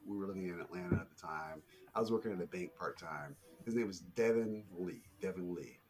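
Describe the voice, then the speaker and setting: A middle-aged man hosting a podcast, telling stories in a casual, animated way. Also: a little fast. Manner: animated storyteller, jumps up in pitch for quotes. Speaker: podcast host. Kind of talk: casual conversation.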